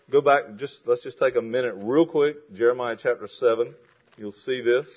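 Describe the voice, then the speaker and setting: Guy preaching, reads bible verses loud n emphatic, kinda muffled audio. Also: mid-range voice. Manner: reads scripture aloud in a raised, emphatic voice. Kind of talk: expository sermon.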